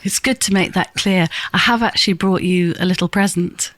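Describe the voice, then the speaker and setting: A woman's voice: fairly low pitch, normal speed, fairly bright tone, no echo. A woman interviewing a screenwriter in his office. She is friendly and chatty and often asks leading questions.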